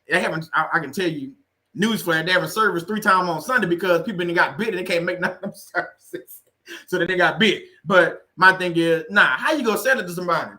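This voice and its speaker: A man with a high, very bright voice hosts a faith-based livestream. He talks casually and jokes with his viewers in an animated way, often laughing at his own stories. His delivery is lively and tense at the top. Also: fast talker. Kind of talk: casual humorous chat with viewers.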